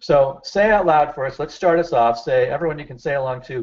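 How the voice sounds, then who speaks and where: A man's voice: on the high side, fairly quick. Middle-aged guy running a therapy webinar, coachy, hits key words hard, muffled call audio. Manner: coaching, repeats key phrases with emphasis. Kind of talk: webinar presentation.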